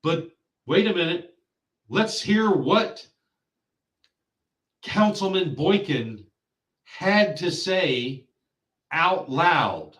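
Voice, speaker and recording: A man's voice: on the high side, animated, extremely slow, pauses often, fairly bright tone, reverberant, distant mic, poor audio. A man hosting a political show, ranting in angry, insulting commentary. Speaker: podcast host.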